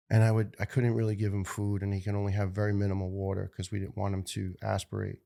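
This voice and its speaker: A middle-aged man from New York, a guest telling a personal story in an earnest, emotional way, halting and repeating words. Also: on the low side, gravelly, mellow. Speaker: interview guest, retired firefighter.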